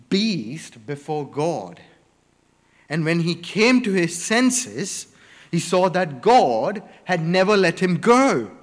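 Man, preacher, sermon, unhurried and emphatic, slightly raised pitch, hall echo. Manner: slow, deliberate delivery with emphatic lists.

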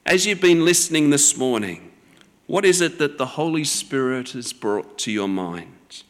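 Slow-preaching man in a reverberant church. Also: mid-range voice, animated. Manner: slow, deliberate preaching with measured pauses. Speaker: pastor. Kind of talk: sermon.

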